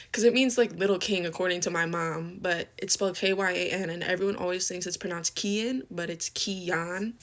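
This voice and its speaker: A woman's voice: fairly low pitch, a bit bright. A woman telling a story casually to camera, amused and chatty, breaking into laughs.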